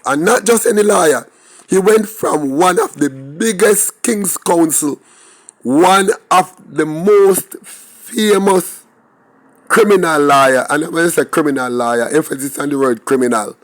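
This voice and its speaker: Jamaican guy ranting about a case, fairly high voice, keeps hitting you with questions. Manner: emphatic, rhetorical questions, talks to viewers directly. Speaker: commentator. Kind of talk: opinionated crime commentary.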